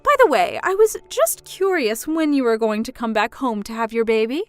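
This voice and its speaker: A woman acts out a domineering middle-aged mother in a drama. She talks down to her daughter in a mocking, pushy way. Her pitch rides high and swings widely, and soft music plays underneath. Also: lively intonation, normal speed, clean tone, no room sound, lightly acted. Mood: doting.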